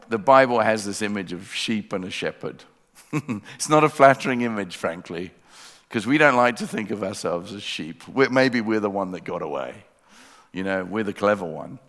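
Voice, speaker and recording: A man preaching a sermon in a church, earnestly inviting listeners and leading them in a quiet prayer. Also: lowish voice, animated, moderate pace, big-room sound. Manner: earnest, pleading, drops to a soft hush in prayer. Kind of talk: sermon with altar call prayer. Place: church sanctuary.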